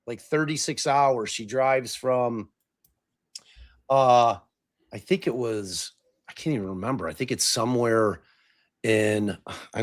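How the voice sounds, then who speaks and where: A man hosting a podcast in casual chat, rambling with lots of swearing, fillers and restarts. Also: mid-range voice. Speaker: podcast host.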